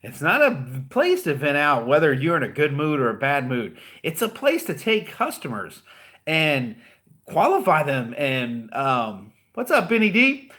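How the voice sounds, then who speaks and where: A man's voice: a little high, very animated, a little slow, fairly bright tone. A middle-aged man with a Southern American accent, giving blunt, joking motivational advice to car salesmen. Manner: blunt, profane, joking, rambling. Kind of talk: casual motivational livestream talk.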